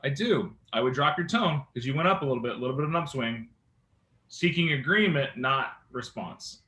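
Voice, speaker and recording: Bright-voiced male sales trainer in an echoey room. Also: mid-range voice, fairly quick. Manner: animated, engaging, asks the room often. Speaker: real estate sales trainer. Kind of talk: sales training talk to a team.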